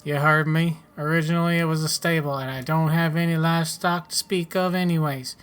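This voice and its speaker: A gruff old-west farmer barks his orders in a loud, folksy drawl, as a man puts him on. He is blunt and quick to tease. This is a game voice, plainly put on. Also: on the high side, steady tone, close to an everyday voice. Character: gruff male frontier farmer, blunt and teasing.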